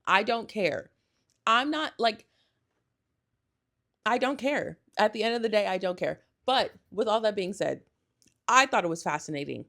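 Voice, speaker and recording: A young woman hosting a solo podcast, chatting casually and gushing, rambling with lots of "like" and quick self-corrections. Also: medium pitch, lively intonation, vocal fry, fairly bright tone. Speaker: podcast host.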